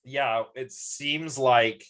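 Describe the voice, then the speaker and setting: A man's voice: medium pitch, steady tone, drawn-out words, fairly bright tone. A man giving a live-streamed lecture, chatty and rambling, with many ums and restarts.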